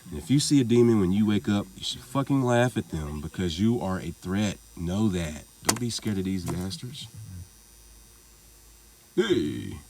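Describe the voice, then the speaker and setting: A man's voice: low-pitched, expressive, unhurried, a little mellow, a little hiss or hum. A man talking in a casual monologue vlog, rambling and profane, laughing things off as he goes. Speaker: vlogger.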